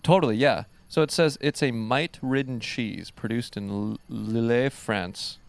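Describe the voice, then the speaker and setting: Gravelly, rambling podcast host. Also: male voice, medium pitch, unhurried. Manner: loose, rambling, swears casually. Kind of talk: casual chat.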